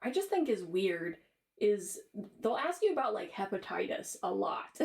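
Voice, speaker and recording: Woman, podcast co-host, mid-pitched voice, relaxed casual chat, laughs easily. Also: measured pace, creaky. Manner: relaxed, chatty, laughs between remarks.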